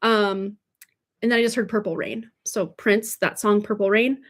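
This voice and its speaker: A woman's voice: mid-range voice, normal speed. A woman giving a casual livestream tarot reading, chatty and rambling, tripping over words and laughing them off. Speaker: tarot reader. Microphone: livestream mic.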